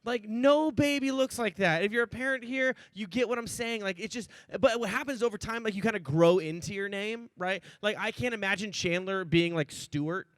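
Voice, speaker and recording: Man, 30s, pastor, casual joking sermon delivery, higher voice, dry close sound. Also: moderate pace, hardly any pauses, no echo. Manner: joking, chatty, many "like"s and "right?".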